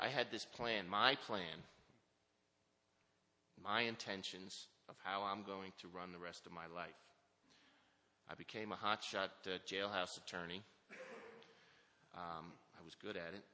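A middle-aged man gives a candid recovery testimony to an audience, his voice sitting a little low. He speaks with a forceful, tense edge and often restarts his sentences. The sound rings out with a long reverb from a large hall. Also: fairly even intonation, measured pace, long pauses. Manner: candid, earnest, many restarts.

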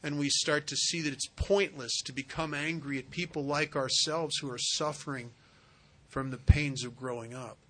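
A man's voice: fairly high pitch, steady tone, normal speed, bright, forceful tone. A man speaking at a recovery meeting as a sponsor, telling a personal story in an earnest, conversational way.

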